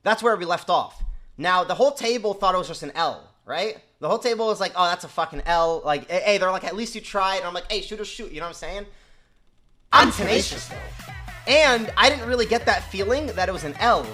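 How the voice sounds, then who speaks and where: A man's voice: high-pitched, expressive, sharp tone, faint music behind. A young man telling a casual story to his stream, full of slang and swearing, acting out the people in it. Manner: fast slangy storytelling, quotes people in their voices; swearing, repeats "you know what I'm saying".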